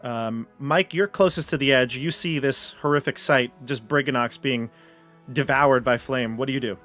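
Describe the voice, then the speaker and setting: Man, game master, relaxed narration, frequent restarts, mid pitch, faint music. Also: normal speed.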